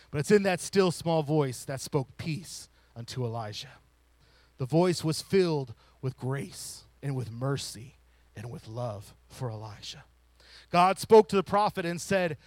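A man preaching a sermon, rising to loud emphatic lines and falling to soft hushed ones. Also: a little high, moderate pace, dry recording. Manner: drops to a whisper to show a still small voice.

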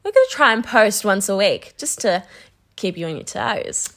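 A woman's voice: medium pitch, expressive, moderate pace, fairly bright tone. A young Australian woman in her twenties, co-hosting a casual podcast chat in a playful, giggly way. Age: 20s. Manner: giggly, playful, slips into mock accents. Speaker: podcast co-host.

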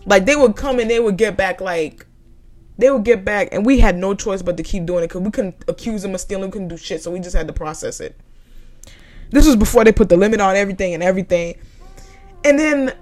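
A woman's voice: mid-range voice, fairly quick, faint music behind. Heated, profane young woman ranting. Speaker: former retail worker telling her story. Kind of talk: casual storytime rant.

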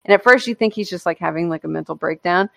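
A woman's voice: fairly low pitch, fast talker, creaky, fairly bright tone, dry recording. A young woman co-hosting a podcast, telling a rambling, profane story in casual chat. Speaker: podcast co-host.

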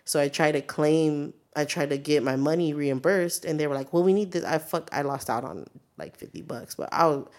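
Young female podcast co-host, low voice, foul-mouthed, animated storyteller, acts out quotes. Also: a little fast, few pauses. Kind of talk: casual chat.

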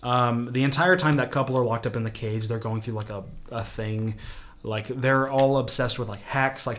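Rambling man recapping a show. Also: mid-range voice. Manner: rambling, filler-heavy, drops quiet when quoting characters.

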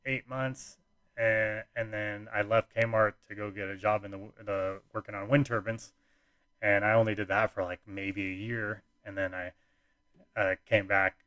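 A man's voice: lowish voice, flat delivery, measured pace, pushed and bright, no room sound. A young man casually telling a personal story, rambling with lots of fillers and restarts.

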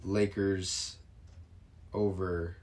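A man's voice: low-pitched, flat delivery, extremely slow, a little mellow. A young man co-hosting a podcast, chatting casually and pushing his opinions on sports. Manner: opinionated, pushy. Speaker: podcast co-host.

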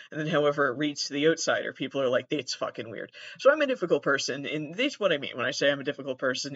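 Gravelly monotone podcaster, rambling. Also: male voice, on the high side, no room sound. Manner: rambling, profane, self-deprecating. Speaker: podcast host. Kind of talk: casual monologue. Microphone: laptop recording. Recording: dull, dry lo-fi sound.

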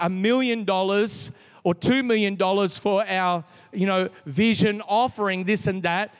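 High-voiced pastor preaching. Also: male voice, smooth. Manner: storytelling, animated, with frequent restarts. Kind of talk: sermon. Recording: long reverb of a large hall.

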